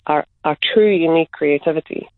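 Interview guest: woman, art facilitator, thoughtful and deliberate, tinny phone-line sound, dry. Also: low-pitched, no room sound. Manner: measured, slows down on key words. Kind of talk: reflective interview answers.

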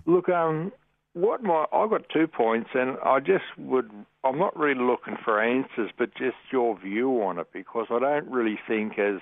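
An Australian man calling in to a radio show, talking in a friendly, rambling, halting way. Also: medium pitch, gravelly, no echo. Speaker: caller. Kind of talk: call-in radio talk. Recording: tinny phone line.

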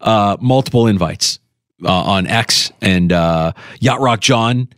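A man's voice: lowish voice, slow, fairly bright tone, no room sound. A man hosting a sports radio show in a studio, talking in a casual, chatty way that rambles with restarts.

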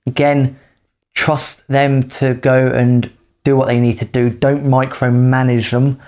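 A man's voice: medium pitch, level tone, darkish tone. Emphatic man giving casual advice. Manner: talks fast in bursts, emphatic advice. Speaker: podcast co-host. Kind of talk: casual podcast chat.

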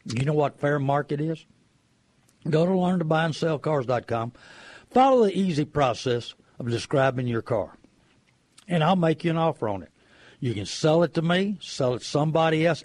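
A man's voice: a little high, darkish tone, no room sound. A middle-aged man giving folksy, preachy car-buying advice.

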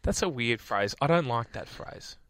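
A man's voice: medium pitch, expressive, moderate pace, a bit bright, no echo. A man, co-hosting a radio show and rambling through memories with frequent restarts. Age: 20s. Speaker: radio co-host. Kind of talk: casual radio banter. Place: radio studio.

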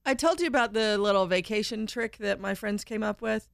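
A woman's voice: medium pitch, brisk, creaky, no room sound, clean studio sound. A middle-aged woman co-hosting a radio show, easygoing and laughing often in casual chat. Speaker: radio co-host.

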